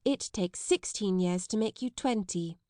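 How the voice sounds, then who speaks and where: A woman voicing a spoiled little girl who howls and sobs in shrill wails, in a storybook reading. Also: unhurried, mellow, no room sound, studio quality, natural voice. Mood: stubborn. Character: small spoiled girl, wailing and howling.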